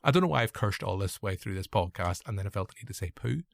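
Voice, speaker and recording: Rambling Northern Irish man, low dry voice. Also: lively intonation, quick pace, creaky, no room sound. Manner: rambling, self-correcting, joking asides. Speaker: podcast host. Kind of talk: casual film review chat.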